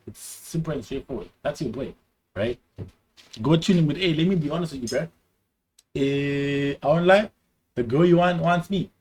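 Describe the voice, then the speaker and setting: A young man talking straight to his viewers on a stream. He is slangy and animated, and his pitch and loudness swing up and down as he reacts. His voice sits at an ordinary middle pitch for a man. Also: heavy background noise. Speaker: streamer giving advice to viewers. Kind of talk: casual livestream advice chat.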